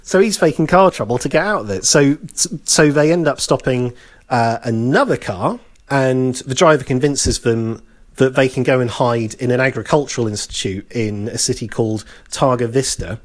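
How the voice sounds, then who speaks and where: A man's voice: mid-range voice, normal speed. A man telling a history story in casual podcast chat, repeating phrases and acting out the quotes. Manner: conversational, repeats phrases, acts out quoted lines.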